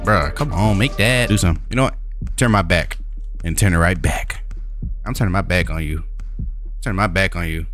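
A young man trash-talking his opponent while commentating a basketball video game, with playful taunts and high yelps. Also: moderate pace, long pauses, fairly bright tone, faint music behind. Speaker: YouTube gaming creator.

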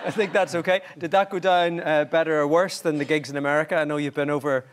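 A man's voice: fairly high pitch, steady tone, fast talker. A man hosting a chat show, putting friendly, prompting questions to his guest. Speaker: talk show host. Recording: studio audience noise behind.

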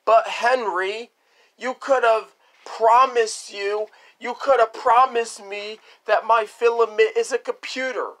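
A man's voice: very high voice, fairly even intonation, slow, a bit bright, voice pushed up, exaggerated voice. A man voicing a street light that pleads to be called a computer, in a whiny, pleading way.

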